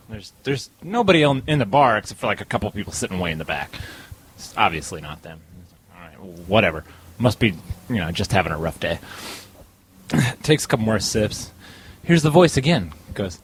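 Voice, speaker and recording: A man spins out a long joke among friends at home, lingering on every detail and chuckling as he goes. His voice climbs and dips with lively swings. A faint hum of the room sits behind him, and at times he leans away from the mic. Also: on the low side, low-quality recording. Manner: drawn-out, laughing storyteller. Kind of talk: casual chat, telling a long shaggy-dog joke.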